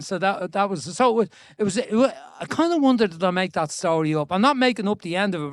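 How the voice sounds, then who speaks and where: A man in his seventies from Ireland, with a Dublin accent, is the guest in an on-stage storytelling conversation before an audience. His voice is high and smooth, and he tells stories in a chatty, animated way, often restarting and laughing. There is no echo on the recording.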